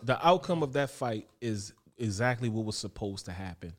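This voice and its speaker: A man's voice: fairly low pitch, moderate pace. A man in casual chat, talking emphatically and with a lot of profanity. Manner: emphatic, profane, animated storytelling.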